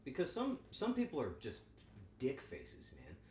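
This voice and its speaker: In an echoey home kitchen, a male streamer with a medium-pitched voice speaks a little slowly while cooking on a livestream. There's a bit of hiss or hum, and his chatter with viewers is casual, crude and playfully animated.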